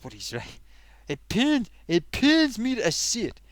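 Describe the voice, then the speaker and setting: A melodramatic male potato, a doom-laden football fan, as a man puts him on. His pitch leaps and sags as he swings from grand declarations to hushed despair. The recording is dry and close. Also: wildly swooping pitch, a little slow, dry recording, heavily acted. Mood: anguished.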